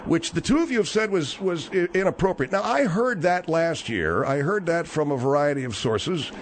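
Animated, combative talk radio host. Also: male voice, a little high, moderate pace, a little hiss or hum.

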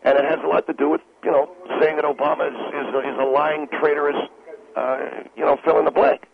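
A man's voice: on the high side, flat delivery, quick pace, creaky. A man talking as a guest on a call-in radio show, brash, condescending and insulting. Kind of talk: call-in talk radio banter. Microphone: phone line. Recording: tinny phone line with faint hiss.

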